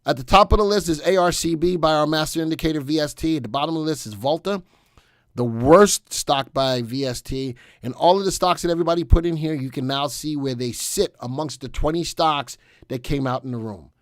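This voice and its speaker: A man's voice: fairly high pitch, a little fast, dry recording, clean studio sound. A middle-aged man hosting a stock analysis live stream, upbeat and joking as he chats with viewers. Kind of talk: casual live stream talk.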